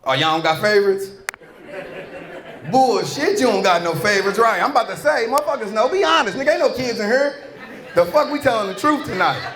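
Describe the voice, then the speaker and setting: St. comedian shouting in an echoey club. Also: male voice, high-pitched, expressive, brisk. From St. Louis, Missouri. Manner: loud, crude, playful crowd work with shouted punchlines. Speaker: stand-up comedian. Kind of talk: stand-up comedy set. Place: comedy club stage before a live crowd. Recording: echoey club with a roaring crowd.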